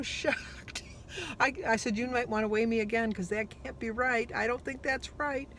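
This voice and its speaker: A woman with a fairly high voice chats through her weight-loss diary on video, with slight noise in the background. Upbeat and quick to laugh at herself, she brings stories to life by playing both sides of each exchange.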